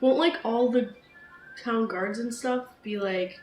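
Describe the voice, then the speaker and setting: A woman's voice: a little high, slow, a little mellow, soft background music. A woman playing a tabletop game who chats playfully and giggles often. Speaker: player. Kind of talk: casual table chat. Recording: echoey room, faint ambient hiss.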